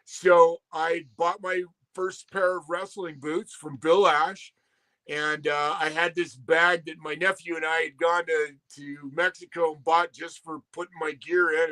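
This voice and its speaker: A former wrestler in his sixties appears as a guest, telling rambling, salty stories casually and acting out what other people said. His voice is on the high side with little pitch movement. He keeps a measured pace and a sharp tone.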